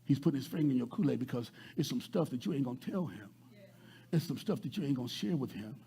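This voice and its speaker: A man pastor preaching a sermon, repeating words and swinging from loud to soft. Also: mid-range voice, expressive, fast, creaky.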